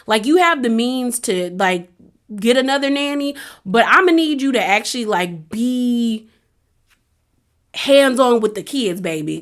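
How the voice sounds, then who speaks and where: Her voice sits at medium pitch with a fairly bright tone. Chatty and liberal with "like," she offers a casual, opinionated rundown of a reality show and performs the quotes herself.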